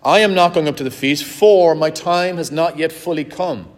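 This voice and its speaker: A pastor preaching a sermon to his congregation, earnest and direct, slowing down to stress key words. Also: on the high side. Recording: long hall reverb.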